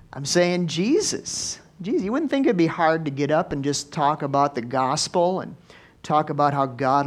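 A male pastor preaching a lively sermon in church, swinging from soft asides to loud exclamations. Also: a little high, slight background noise. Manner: animated preaching with big swings in loudness.

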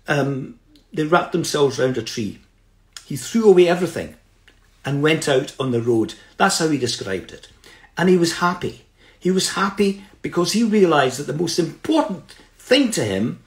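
A middle-aged man giving a personal storytelling talk in an earnest, reflective way, checking in with his listeners as he goes. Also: on the high side. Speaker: speaker. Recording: roomy echo.

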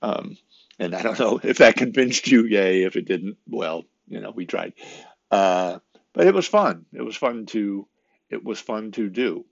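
A man's voice: on the low side, lively intonation, measured pace, creaky, dry recording. A man who works as an actor talks casually on his own, rambling and hesitant with many fillers and restarts, in a wry, self-deprecating way. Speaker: actor vlogging about auditions. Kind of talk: casual solo talk to camera. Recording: dull lo-fi sound.

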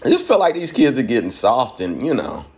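A man's voice: mid-range voice, very animated, fairly quick, a little mellow. A man from Georgia, giving a loose, profane commentary monologue and laughing at his own points.

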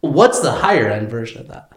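A man's voice: medium pitch, fairly quick. A man, a bakery owner, chatting casually on a podcast and acting out the people in his stories. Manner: animated storyteller, acts out quoted people. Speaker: guest, bakery and edible business owner.

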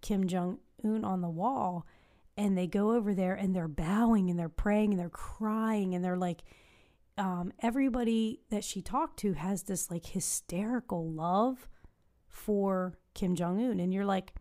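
A woman's voice: medium pitch, a little slow, warm tone. A woman chatting casually, recounting a long story with lots of "um"s and restarts. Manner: rambling storytelling with many fillers. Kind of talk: casual chat.

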